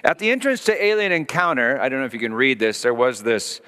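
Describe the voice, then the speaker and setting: A middle-aged man preaching a sermon as pastor, telling a story with lively acted-out voices and sudden hushed drops. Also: medium pitch, quick pace, clear, resonant tone. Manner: animated storytelling, acting out voices, dropping to hushed tones. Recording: long hall reverb.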